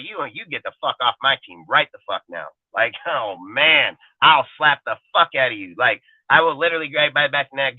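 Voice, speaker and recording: A man's voice: on the high side, no room sound. A young man ranting heatedly and profanely as the host of a call-in show, swaggering and blunt. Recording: tinny phone-line sound.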